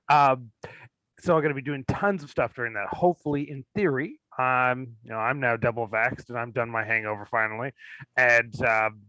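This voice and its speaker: A man's voice: mid-range voice, pushed and bright, dry recording, rough recording. A man hosting a casual chat about movies, joking, rambling and laughing often. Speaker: host of a movie screening show.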